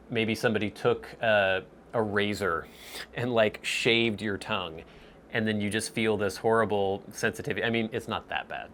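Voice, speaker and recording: A man's voice: lowish voice, fairly bright tone, a little hiss or hum. A man hosting a casual question-and-answer video, thinking aloud and searching for words with small restarts. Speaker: host answering viewer questions. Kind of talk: casual Q&A vlog.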